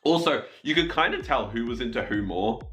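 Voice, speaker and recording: A young man telling a funny personal story in casual chat, animated and jumping into high squeaky voices when he quotes people. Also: fairly quick.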